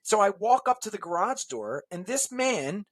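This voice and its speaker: A man casually telling a long anecdote as an interview guest, animated and chuckling as he acts out the voices of people in the story. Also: high voice, normal speed, dry recording.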